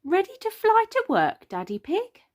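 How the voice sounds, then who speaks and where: A woman's voice: very high-pitched, huge pitch swings, moderate pace, darkish tone, pitched above the performer's own voice, heavily acted. A woman voicing Miss Rabbit, an eager female rabbit pilot, in a children's story reading. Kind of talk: storybook character voice.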